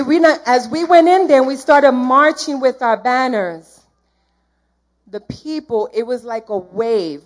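A woman giving a church testimony in an earnest, heartfelt, rambling way, jumping around in her story. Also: high-pitched.

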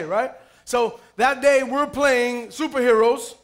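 A man's voice: extremely high pitch, brisk. A man pastor preaching a sermon, telling stories playfully, calling for amens and raising his voice at key points. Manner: lively, playful storytelling with calls for amen.

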